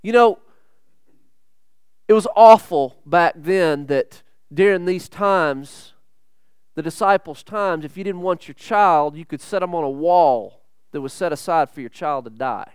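Male pastor, sermon, high voice, smooth and clear, dry sound, earnest, shifts between loud emphasis and quiet intensity. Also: measured pace, no echo. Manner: repeats words and restarts mid-sentence.

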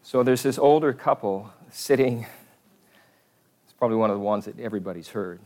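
A priest giving a homily, telling jokes in a conversational storytelling manner with pauses. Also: male voice, on the low side, darkish tone.

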